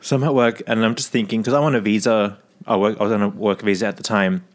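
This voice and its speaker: A man from Australia, co-hosting a podcast and telling a story in casual, animated chat with frequent swearing. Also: on the low side, quick pace. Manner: animated, swears, laughs often. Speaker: podcast co-host.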